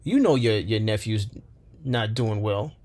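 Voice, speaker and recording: A man's voice: fairly low pitch, expressive, measured pace, a little mellow. Impassioned man hosting commentary. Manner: impassioned, rhetorical questions, repeats phrases for emphasis. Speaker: commentary channel host. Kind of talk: opinion commentary monologue.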